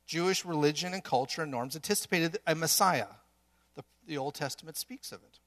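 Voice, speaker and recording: A man's voice: fairly high pitch, fairly bright tone. A man preaching a sermon in earnest, building to emphatic peaks with some restarts.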